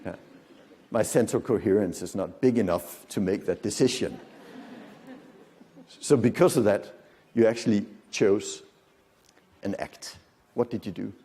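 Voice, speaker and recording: Speaking in a lowish, mellow voice, this fifty-something man lectures live in a big conference hall at a slightly slow pace with long pauses. His delivery is chatty, with jokes and questions thrown to the crowd. Long reverb from the hall and slight background noise color the recording.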